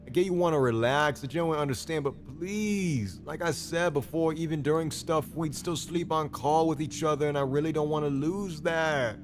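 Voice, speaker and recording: A man's voice: a little high, normal speed, hardly any pauses. A man hosting a stream, giving a comedic dramatic reading of messages in a pleading, rambling way full of stumbles and repeated apologies. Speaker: streamer host.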